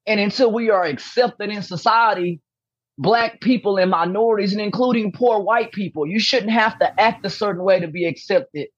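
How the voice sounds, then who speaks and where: Emphatic woman interview guest, husky voice, dull dry recording, hammers points home. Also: mid-range voice, normal speed, no room sound. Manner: emphatic, repeats key points. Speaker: podcast guest, athlete. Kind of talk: candid interview talk. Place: room at home with posters behind.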